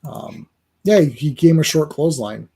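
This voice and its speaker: High-voiced, animated man chatting casually. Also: normal speed, vocal fry, slightly rough. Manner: animated, acts out characters, many fillers. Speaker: host. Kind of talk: casual chat.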